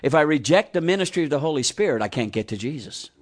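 Guy preaching, kinda high voice, super animated pitch, keeps asking the crowd stuff and repeating lines. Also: fast talker. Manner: preaching with rhetorical questions and repeated phrases. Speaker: pastor. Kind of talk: sermon.

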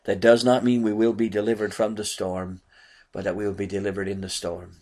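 A man's voice: fairly low pitch, flat delivery, brisk, a little mellow. Earnest male preacher delivering a sermon. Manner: earnest preaching with many rhetorical questions.

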